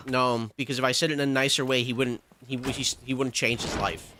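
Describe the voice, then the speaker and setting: A man's voice: mid-range voice, flat delivery, brisk, few pauses, sharp tone, slight background noise. A young man hosting a casual let's-play, ranting animatedly and swearing freely between game moves. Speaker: gaming channel host.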